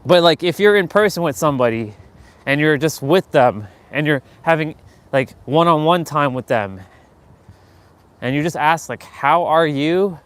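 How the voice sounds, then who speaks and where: Blunt, swearing man with a slightly high voice. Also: animated, moderate pace, fairly bright tone. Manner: blunt and profane, acting out quoted small talk. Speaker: host of a daily motivational live stream. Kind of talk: casual motivational monologue.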